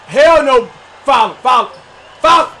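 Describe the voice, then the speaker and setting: A young man loudly commentating his own basketball video game, rough and hyped, shouting and trash-talking. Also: extremely high pitch, animated, extremely slow. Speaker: gaming YouTuber. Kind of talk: loud live game commentary.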